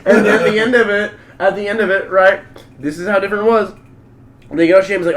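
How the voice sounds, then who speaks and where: A man telling a story on a casual podcast, profane and excitable, acting out quotes loudly. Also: high voice, fast talker, slight background noise. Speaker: podcast co-host.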